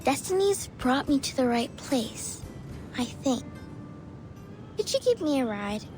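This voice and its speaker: A woman doing a high, chatty sheep-headed lady. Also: big pitch swings, unhurried, music in the background. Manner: polite, talkative, breezy.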